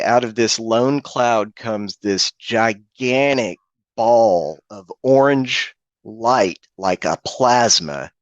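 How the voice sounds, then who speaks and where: A middle-aged man giving an earnest, halting personal account as a guest on a video call, often restarting and repeating his words. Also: mid-range voice, no echo. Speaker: guest witness.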